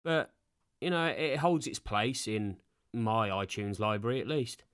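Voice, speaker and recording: A man's voice: mid-range voice, lively intonation, unhurried, a bit bright, clean tone, no room sound, studio quality. A man in his thirties hosting a solo podcast, rambling in a casual, sweary and self-deprecating way. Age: 30s. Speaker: podcast host. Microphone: podcast microphone.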